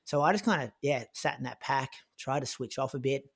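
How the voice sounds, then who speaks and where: A man recounts a race for his podcast co-host. He talks casually, with lots of filler words and restarts, and his voice sits at an ordinary middle pitch. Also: brisk, creaky, breathy edge. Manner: chatty, lots of "like" and restarts, animated in retelling. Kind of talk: casual conversational storytelling.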